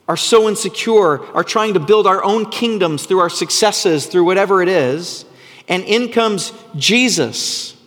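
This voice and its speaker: A man preaching a sermon, earnest and full of rhetorical questions, sometimes dropping to a hushed voice for emphasis. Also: high-pitched, in a large hall. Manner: drops to a hushed, soft voice for emphasis. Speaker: pastor.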